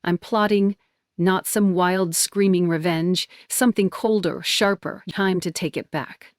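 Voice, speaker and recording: A woman's voice: on the low side, fairly even intonation, a little slow, dry recording, clean studio sound. A woman narrating a dramatic first-person story in clipped, tense, emotional sentences.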